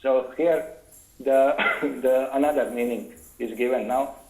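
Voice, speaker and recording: A man giving a scripture lecture, carefully explaining verses word by word and pausing to look up references. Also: medium pitch, steady tone, gravelly, echoey room, background noise.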